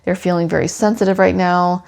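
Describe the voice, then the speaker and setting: A woman with a low, gravelly voice talking through a tarot reading. She speaks softly and soothingly and leans on "you know" fillers, like a casual chat with a client. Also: steady tone, fairly quick. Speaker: tarot pet reader.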